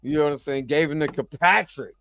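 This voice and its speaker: A man's voice: fairly high pitch, a little fast, creaky, fairly bright tone, no room sound, soft background music. A tired man, yawning after a long work shift, hosting a casual, slang-filled, rambling review of a TV episode. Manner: rambling, slangy, chatty, keeps asking "you know what I'm saying". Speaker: show host reviewing a TV episode.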